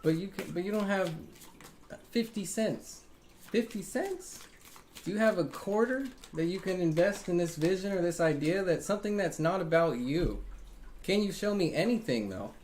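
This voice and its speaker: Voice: mid-range voice, animated, fairly quick, darkish tone, slight background noise. A tarot reader hosting a live stream, talking casually and earnestly to viewers, defensive and emphatic, repeating phrases and tagging lines with "right?" and "man". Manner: frequent fillers like "right?" and "man".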